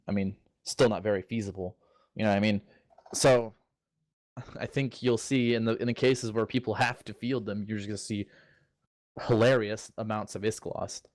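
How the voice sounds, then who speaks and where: A man with a somewhat low voice chats on a casual gaming podcast. He rambles, trips over his own sentences and laughs as he goes. The sound is dry and close, with no room around it. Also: darkish tone, no room sound.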